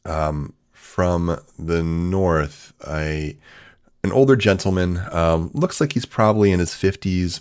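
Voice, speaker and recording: A man narrating a tabletop role-playing game as game master, in a relaxed, casual way. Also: low voice, clean tone.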